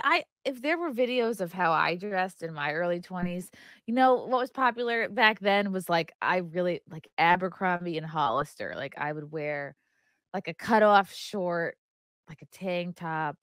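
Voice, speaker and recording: A woman hosting a podcast, chatting casually with quick, joking asides. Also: on the low side, animated, fairly bright tone, no echo, studio quality. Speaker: podcast host. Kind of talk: casual chat.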